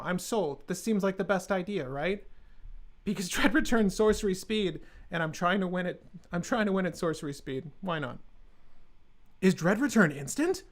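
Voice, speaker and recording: High-voiced man joking with stream chat. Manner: joking, sarcastic, talks to chat. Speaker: live stream host. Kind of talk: casual live stream deck building.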